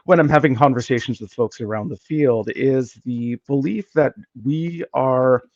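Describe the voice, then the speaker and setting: A man with a Minnesotan accent, a guest geographer speaking in a thoughtful, measured way with many fillers. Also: medium pitch, a little mellow, dry recording, highs cut off. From Minnesota, USA. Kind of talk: conversational interview. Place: Victoria, Canada.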